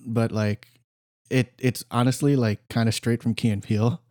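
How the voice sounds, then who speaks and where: A young man co-hosting a podcast, teasing his partner in a casual, deadpan way. His middle-pitched voice is recorded close and dry, with no room echo. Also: moderate pace. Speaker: podcast co-host. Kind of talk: casual chat.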